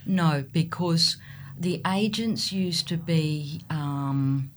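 Low-voiced animated middle-aged woman. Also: extremely slow, a little hiss or hum. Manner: animated storyteller, acts out buyers. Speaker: real estate agent. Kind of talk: podcast interview.

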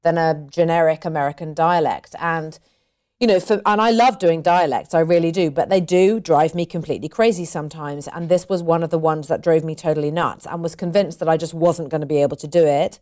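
An actress talking casually as an interview guest, animated, laughing often and restarting her sentences. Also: deep voice, a little fast.

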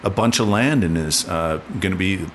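A man's voice: sits low, moderate pace, a little hiss or hum. A man hosting a casual interview chat, with eager, short reactions.

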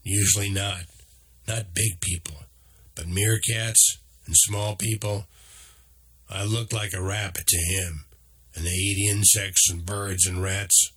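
A man voicing a small male creature who guides a lost companion, speaking calmly and patiently. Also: low-pitched, slow pace, husky, exaggerated voice. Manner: calm, patient, instructive.

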